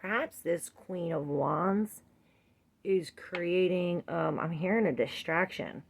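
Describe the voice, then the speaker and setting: A woman's voice: fairly low pitch, slow pace, creaky, a little hiss or hum. A woman doing a tarot reading for viewers, chatting casually and thinking aloud between cards. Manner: rambling, thinking aloud with fillers and laughs. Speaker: tarot reader.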